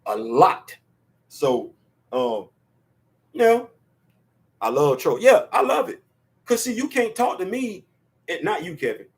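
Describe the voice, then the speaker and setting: A man's voice: sits high, very animated, a little slow, long pauses. A man in his fifties hosting a casual opinion show, talking emphatically and repeating words to drive his points home. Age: 50s. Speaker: podcast host.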